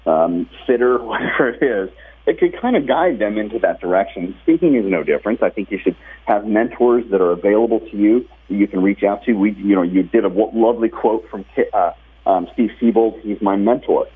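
Husky-voiced man on a phone line. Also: lowish voice, a little fast. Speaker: guest, professional speaker and author. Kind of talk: interview over the phone.

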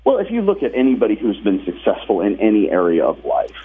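Man, guest speaker, husky rough voice, lowish pitch, energetic talker, phone-line sound. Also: quick pace. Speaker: guest, professional speaker and author. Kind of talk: interview over the phone.

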